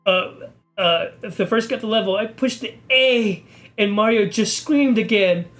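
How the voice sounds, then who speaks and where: A man giving a mock-serious, deadpan reading of an amateur horror story, stumbling over the text now and then. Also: high-pitched, a little slow, faint music behind. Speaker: video creator reading a story.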